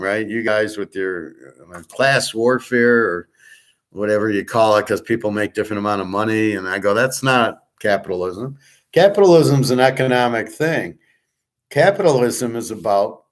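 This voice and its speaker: A man hosting his own daily online class, telling a story in a blunt, profane and exasperated ranting monologue. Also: lowish voice.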